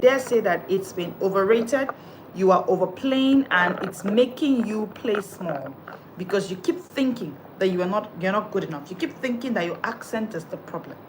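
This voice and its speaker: A woman's voice: medium pitch, rough recording. Woman, confidence coach, emphatic preacherly delivery, numbered tips, faint background hum. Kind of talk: live coaching talk.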